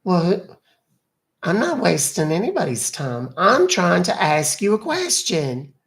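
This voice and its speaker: A man's voice: high voice, huge pitch swings, measured pace, a bit bright, voice pushed up, exaggerated voice. A man voicing a fussy older lady on a phone call, sassy and talking down to the caller as "honey". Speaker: scambaiter. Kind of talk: prank call role-play.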